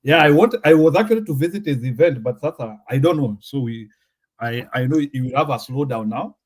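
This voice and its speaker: A man's voice: medium pitch, lively intonation, brisk. A Kenyan man hosting a casual chat, joking and laughing often as he mixes English and Swahili.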